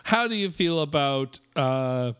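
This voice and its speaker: A man's voice: a little high, animated, takes it slowly, a bit bright, clean tone. Playful, laughing male podcast co-host. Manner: playful, laughs often, jokey. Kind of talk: casual podcast chat.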